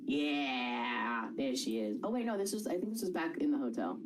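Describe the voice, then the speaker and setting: A woman's voice: very deep voice, lively intonation, normal speed, music in the background, low-quality recording. A woman chatting casually as a co-streamer, distracted and swearing now and then. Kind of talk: casual chat.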